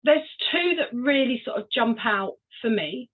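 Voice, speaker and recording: An older woman from Cornwall, a podcast guest telling her personal story in an unhurried, reflective way with frequent ums. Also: on the high side, animated, breathy edge. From Cornwall, England. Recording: tinny phone-like line.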